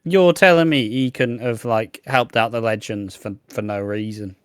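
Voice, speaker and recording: A man's voice: medium pitch, normal speed, clean tone, no room sound, studio quality. A young man co-hosting a podcast, chatting bluntly about wrestling with lots of slang and swearing. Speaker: podcast co-host. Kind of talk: casual wrestling chat.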